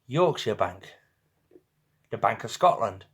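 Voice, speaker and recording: A man's voice: fairly low pitch, big pitch swings, slow, slight background noise. A young man from northwest England hosting a casual live stream, with a northwest English accent, chatty and teasing, laughing often with viewers. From St Helens, northwest England.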